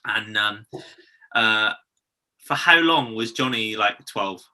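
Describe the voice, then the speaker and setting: A man's voice: lowish voice, slow pace, bright, forceful tone. A man, co-hosting a casual chat, laughing often and quoting conversations. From Bristol, England. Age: 30s. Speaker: podcast co-host, hair educator.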